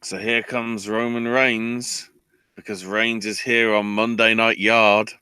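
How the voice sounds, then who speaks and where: A man hosting a casual podcast chat, his delivery sarcastic and exasperated as he recaps. His voice is bright and forceful, a touch low, and sits close and dry on the mic with no room around it. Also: level tone, slow pace, smooth, no room sound. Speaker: podcast host.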